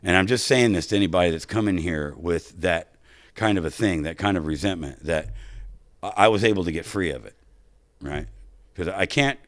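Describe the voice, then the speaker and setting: A middle-aged man telling his life story to a recovery meeting, animated and drawing the listeners in with quick "right?" asides. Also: deep voice, no room sound, clean studio sound. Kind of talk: personal recovery story to an audience.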